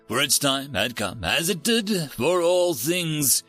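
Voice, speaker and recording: A man narrating stories in a theatrical, expressive scripted reading. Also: a little high, takes it slowly, soft background music. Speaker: story narrator.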